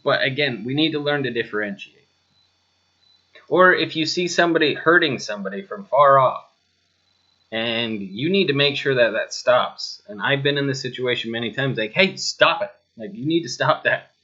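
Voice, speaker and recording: A man's voice: medium pitch, moderate pace, sharp tone, lo-fi sound. A man teaching a spoken lesson, talking straight to the listener with rhetorical questions and a touch of sarcasm. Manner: mildly sarcastic asides. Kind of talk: spoken lesson over slides.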